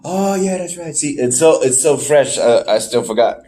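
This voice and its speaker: A man co-hosting a podcast, recapping wrestling shows in casual chat, animated and swearing freely. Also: normal speed. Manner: animated, swearing, jumps in pitch when surprised. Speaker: podcast co-host.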